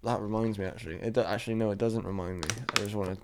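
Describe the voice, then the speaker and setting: A man's voice: on the low side, fairly even intonation, very fast, creaky, very noisy. A man co-hosting a podcast, joking and laughing often in casual, sweary chat. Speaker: podcast co-host.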